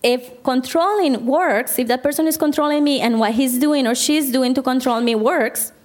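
With a high voice at normal speed, a woman therapist talks conversationally to a group about Christian counseling, regularly turning questions to her listeners.

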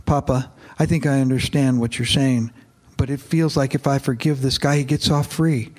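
A man reading aloud plays a grief-stricken middle-aged father whose questions come out halting and pleading, pitched a little higher than the narration. It is a spoken storybook reading. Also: fairly even intonation, darkish tone, close to an everyday voice.

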